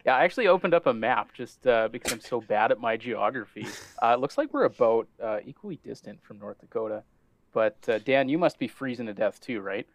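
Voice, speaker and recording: A man from Canada hosting a trivia podcast in casual chat, easygoing and quick to laugh at himself. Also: medium pitch, animated. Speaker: podcast host.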